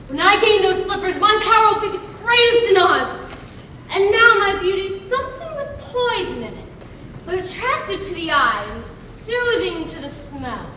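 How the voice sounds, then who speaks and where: A woman's voice: extremely high pitch, sharp tone, a little hiss or hum, exaggerated voice. A woman playing the Wicked Witch, cackling. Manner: gloating, cackling. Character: cackling scheming female witch, villainous. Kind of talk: stage musical acting. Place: stage in a hall. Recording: echoey hall from far off.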